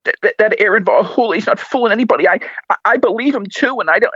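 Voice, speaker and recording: A man's voice: high voice, quick pace, fairly bright tone, slightly rough, no echo, lo-fi sound. A man doing a frantic stammering assistant. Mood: fretful. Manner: stammering, repeating words. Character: frantic stammering male assistant, fretful and whiny. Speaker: caller.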